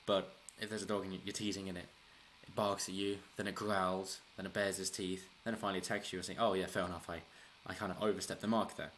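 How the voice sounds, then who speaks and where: A man's voice: low voice, little pitch movement, fast, hardly any pauses, fairly bright tone, a little hiss or hum. A man hosting a casual solo political commentary, rambling with restarts and chuckling as he talks. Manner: rambling, frequent restarts, chuckles while talking. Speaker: political commentary channel host.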